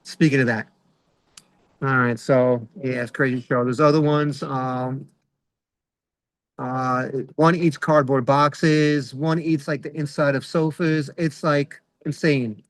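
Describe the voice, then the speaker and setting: A man's voice: mid-range voice, fairly even intonation, slow pace, dry recording, rough recording. A middle-aged man doing a rambling stand-up comedy set over a video call, full of fillers and acted-out quotes. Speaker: stand-up comic.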